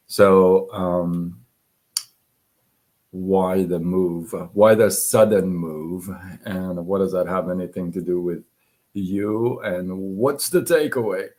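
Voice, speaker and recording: Slow, deep-voiced man hosting a livestream. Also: darkish tone. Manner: halting, many fillers and throat-clearing. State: losing his voice. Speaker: livestream host. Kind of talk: casual livestream talk. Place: home apartment.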